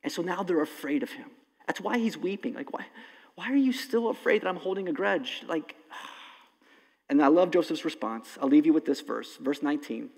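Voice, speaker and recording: Man, pastor, sermon, slightly high voice, passionate, loud then hushed, long hall reverb. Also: lively intonation, vocal fry. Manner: impassioned, swings between loud emphasis and hushed slow lines. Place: church sanctuary.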